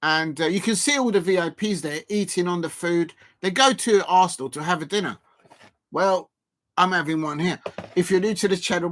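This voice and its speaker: A man streams a football match from home and talks his viewers through it between bites of food. His speech meanders, full of fillers and half-finished restarts, in a voice pitched slightly high for a man. The tone stays loose and unscripted throughout. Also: fairly bright tone. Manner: rambling, many fillers and restarts; chats to viewers while eating. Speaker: football watch-along streamer. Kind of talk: casual live-stream chat.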